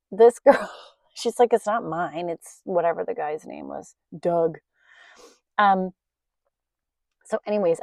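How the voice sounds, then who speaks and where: Chatty middle-aged woman, mellow voice. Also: lowish voice, gravelly, dry recording. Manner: chatty, rambling, laughs often. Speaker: podcast host. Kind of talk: casual storytelling.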